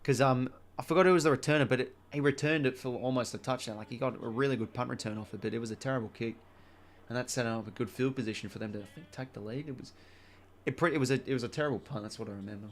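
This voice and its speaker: A man's voice: medium pitch, very fast, a little hiss or hum. A young adult man with an Australian accent, hosting a live watch-along stream in a rambling, chatty way, swearing freely as he calls the play and chats between passages.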